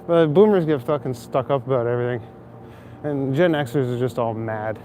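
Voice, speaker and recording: A man's voice: mid-range voice, normal speed. A man in his thirties chatting casually with his livestream viewers as he walks through city streets, swearing freely and laughing often. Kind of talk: casual walking livestream chat. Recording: faint city traffic noise outdoors.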